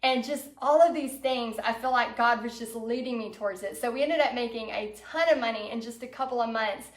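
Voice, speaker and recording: Woman painting teacher, high voice, expressive storyteller who acts out her own thoughts, echoey room sound. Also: brisk. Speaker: painting instructor. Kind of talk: personal storytelling to viewers.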